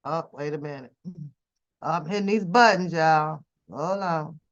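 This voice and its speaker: A woman with a low voice and measured pace hosts a reaction channel livestream, offering casual commentary in a drawling, profane, mocking way. The home stream audio is dull and lo-fi.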